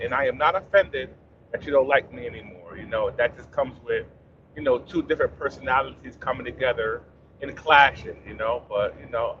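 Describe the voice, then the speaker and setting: A man in his thirties, a panelist in casual chat, speaking calmly and softly with many fillers, on dull lo-fi audio. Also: medium pitch, background noise. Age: 30s. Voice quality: soft-spoken, calm, many fillers.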